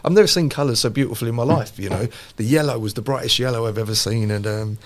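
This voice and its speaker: A man, a podcast host telling a lively personal story in casual chat. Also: medium pitch, fast talker. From London. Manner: animated anecdote teller, repeats phrases for emphasis.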